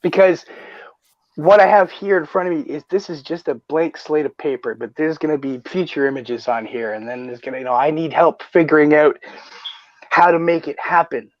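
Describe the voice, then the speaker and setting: A man hosting a casual livestream, who talks with excitement, swears often and restarts his sentences. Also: on the high side, normal speed, no room sound. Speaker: stream host. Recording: dull lo-fi stream audio.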